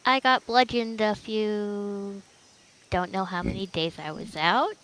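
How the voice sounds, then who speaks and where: A woman playing a tabletop game, speaking in dry, terse, halting lines. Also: medium pitch, a bit bright, low-quality recording. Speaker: player. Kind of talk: tabletop roleplay narration.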